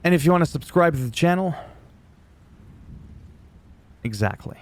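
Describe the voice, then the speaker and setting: A man's voice: fairly high pitch, lively intonation, quick pace. A man whose first language is French, ranting sarcastically and profanely as a YouTuber recapping wrestling. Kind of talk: ranting casual commentary.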